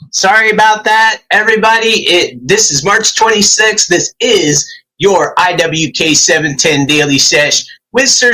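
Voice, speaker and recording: A man's voice: high-pitched, pushed and bright, rough recording. A man hosting a casual livestream, chatty and upbeat, greeting viewers by name one after another. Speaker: livestream host.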